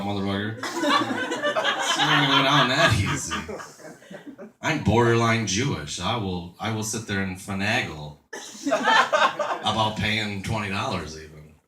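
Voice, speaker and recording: Male stand-up, 30s, crude crowd-work style, animated delivery, roomy distant club recording. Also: fairly low pitch, a little slow, very noisy. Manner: crude, self-mocking, chatty with the crowd. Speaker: stand-up comedian. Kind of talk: stand-up comedy set. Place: comedy club stage before a laughing crowd. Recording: echoey club room, mic heard from a distance.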